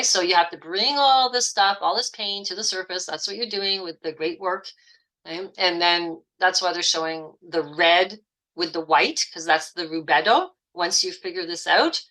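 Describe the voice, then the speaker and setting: A woman's voice: lowish voice, sharp tone, rough recording. A woman teaching an online class, explaining at length and checking in often with "okay?" and "right?". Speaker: astrology and esoteric teacher.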